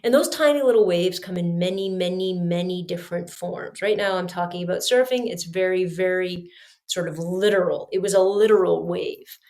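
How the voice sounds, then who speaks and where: A woman hosting a podcast, telling a story in a chatty, animated way and talking straight to her listeners. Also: on the low side, moderate pace. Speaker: podcast host. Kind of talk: storytelling monologue.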